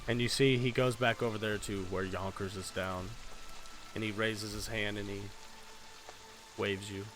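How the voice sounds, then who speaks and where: A man narrating as game master of a tabletop role-playing game in a relaxed, conversational way. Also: fairly low pitch, moderate pace, background noise.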